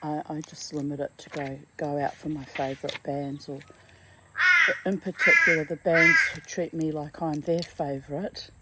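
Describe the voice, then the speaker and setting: A middle-aged woman vlogger rambles through a candid, emotional personal monologue, chatty and drifting between topics, sometimes dropping to a whisper for asides. Her low voice has lively intonation at a normal speed, with heavy background noise behind it.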